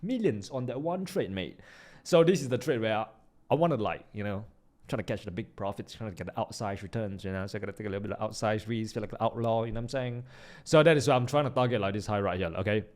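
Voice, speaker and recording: A man giving live trading commentary, slangy and excitable, jumping from loud hype down to low mutters. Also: fast talker. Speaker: trading YouTuber.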